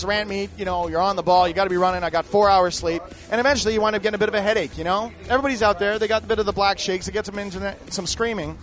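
On his daily news program, a middle-aged man reads the stories and plugs products in an angry, profane rant full of emphatic swearing. His voice sits high and sounds fairly bright.

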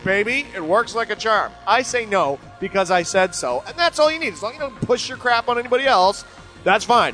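A middle-aged man hosting a show, rambling casually and sarcastically as he answers listener emails. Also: poor audio. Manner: joking, sarcastic, animated with sudden pitch jumps.

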